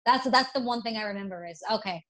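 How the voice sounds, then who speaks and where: A young woman from Alabama with a faint Southern accent, chatting candidly as an interview guest, self-deprecating and quick to restart her sentences. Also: on the high side, a bit bright. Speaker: interview guest, broadcast presenter. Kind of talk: casual interview.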